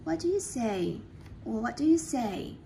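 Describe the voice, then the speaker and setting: A woman's voice: fairly high pitch, sing-song, creaky, dark tone, slight background noise. A woman teaching an English class, patiently checking answers and praising students often. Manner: slow, patient.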